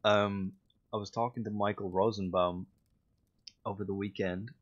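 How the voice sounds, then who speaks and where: A man's voice: on the low side, steady tone, normal speed, lo-fi sound. A man with a Dublin Irish accent, a voice actor chatting casually on a livestream, telling stories with lots of fillers and self-mocking asides. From Ireland. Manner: anecdotal, self-mocking, with frequent fillers and restarts. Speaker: voice actor streaming.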